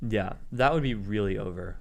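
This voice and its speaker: A man co-hosting a live tech news show, calmly laying out arguments with examples in a casual commentary style. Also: lowish voice, moderate pace, creaky. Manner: explanatory, builds arguments with examples. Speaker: co-host.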